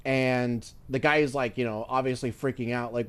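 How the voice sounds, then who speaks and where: A man's voice: mid-range voice, steady tone, moderate pace, clear, resonant tone. A male streamer chatting casually while gaming, rambling through stories with free swearing. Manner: rambling, swears freely, loose storytelling.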